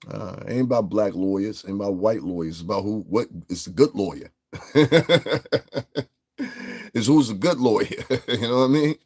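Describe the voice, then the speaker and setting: A man's voice: lowish voice, normal speed, long pauses, a little mellow. Brash, profane New man ranting. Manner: brash, profane and combative, with laughs. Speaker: livestream host. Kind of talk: heated livestream rant.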